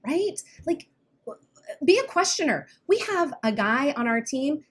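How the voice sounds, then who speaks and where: A very animated woman with a high voice co-hosts a podcast in her role as a weight-loss coach. The conversation is casual yet earnest, delivered in quick bursts and punctuated by uneasy, nervous laughs.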